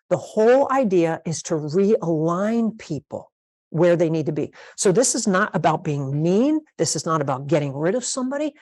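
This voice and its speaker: A woman's voice: fairly low pitch, mellow. A woman pastor teaching a leadership master class, emphatic and repeating her key phrases, sometimes playing out sample conversations.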